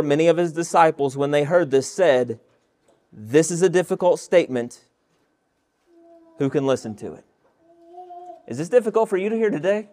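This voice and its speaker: Guy preaching a sermon, kinda high voice, reads bible verses out loud and keeps asking the crowd questions. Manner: asks the listeners rhetorical questions; reads scripture verses aloud. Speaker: pastor. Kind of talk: expository sermon.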